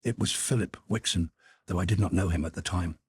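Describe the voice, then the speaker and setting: A man narrating a classic novel as an audiobook, reading in a measured, even way. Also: sits low, slightly rough, no echo, studio quality.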